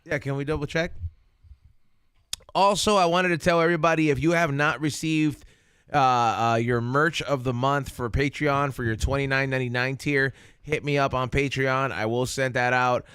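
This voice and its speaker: A man's voice: mid-range voice, steady tone, moderate pace, a bit bright, clean tone, no room sound, clean studio sound. A man hosting a podcast, talking casually and plugging the show's membership in a loose, rambling way. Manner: laid-back, rambling. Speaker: podcast host. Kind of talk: casual chat and sponsor plugs. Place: podcast studio.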